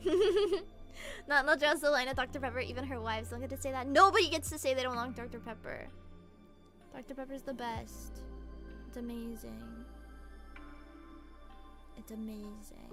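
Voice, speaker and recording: A young adult woman streamer chatting casually with her chat, gushing and giggling often, swinging from soft mumbles to shrieks. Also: high voice, moderate pace, long pauses, over music. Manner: gushing, giggly, frequent laughter.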